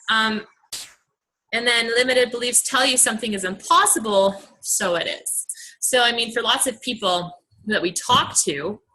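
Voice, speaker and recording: Woman, bright tone, earnest, chatty, motivational team call, young adult. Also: medium pitch, rough recording. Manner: earnest, chatty, many fillers. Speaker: team coach leading a call.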